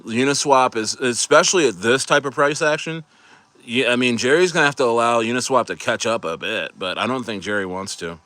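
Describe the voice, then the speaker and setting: Male streamer, hyped and rambling, bright tense tone, dry close-miked sound. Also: mid-range voice, a little fast, no room sound. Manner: hyped, rambling, laughing often. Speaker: crypto livestream host. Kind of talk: casual livestream chat.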